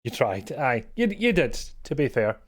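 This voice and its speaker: Chatty Scottish streamer, self-mocking. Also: male voice, medium pitch, big pitch swings, moderate pace. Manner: rambling, self-mocking, chuckles often. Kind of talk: casual live-stream chat.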